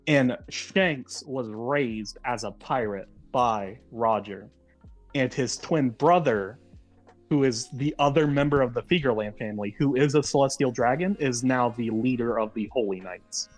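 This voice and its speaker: A man's voice: mid-range voice, measured pace, faint music behind. A man co-hosting a casual podcast chat, walking through a theory at length and reading quotes aloud. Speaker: podcast co-host.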